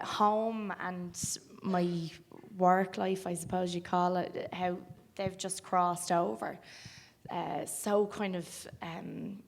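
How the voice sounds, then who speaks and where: On a festival cafe stage, a young Irish film actor with a generic Dublin accent chats casually on a panel about her acting work. Her creaky voice sits a little low for a woman, and her loose, chatty answers are broken up by ums and laughter.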